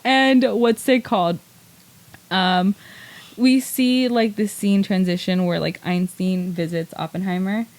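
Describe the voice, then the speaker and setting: With a mid-range voice and an unhurried pace, a female podcast host chats casually on a low-quality recording. She rambles through an animated retelling, filling it with "like" and other fillers and laughing frequently.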